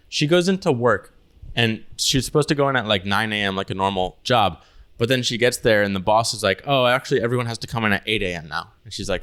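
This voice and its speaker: A man's voice: medium pitch, a bit bright, clean tone. Loose, swearing young man telling stories. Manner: loose, swearing storyteller, heavy use of "like". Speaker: podcast co-host. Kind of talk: casual chat.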